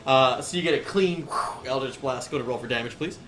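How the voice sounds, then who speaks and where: A man's voice: mid-range voice, a little fast, a bit bright, a little hiss or hum. A young man narrating as game master, casual and chuckling, with many fillers.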